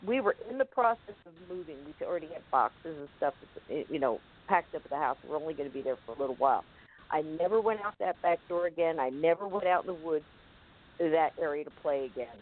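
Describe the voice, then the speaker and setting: A woman casually recounting a personal story, vivid and animated. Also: low-pitched, fairly quick. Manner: vivid, animated retelling with acted-out moments. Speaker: guest telling a personal story. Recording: tinny phone-line sound, dry.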